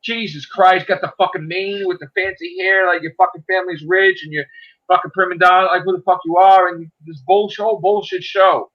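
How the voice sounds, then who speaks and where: A man's voice: high voice, fairly even intonation, fairly quick, lo-fi sound. A man hosting a livestream, chatting casually and ranting heatedly with a lot of swearing. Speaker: livestream host. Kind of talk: casual profane chat.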